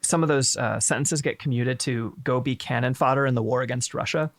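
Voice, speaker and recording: A man hosts a relaxed history chat with a gravelly, creaky voice. He swears freely and throws in wry asides, recorded dry and close with mid-range pitch. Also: brisk, no echo. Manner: irreverent, profane, joking asides. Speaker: stream host. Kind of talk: casual history chat on a live stream.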